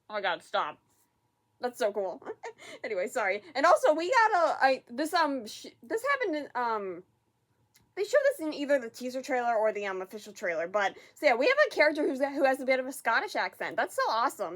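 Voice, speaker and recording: A woman hosting a casual reaction vlog, excitable and giggly, often repeating herself in quick bursts. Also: fairly high pitch. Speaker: reaction video host.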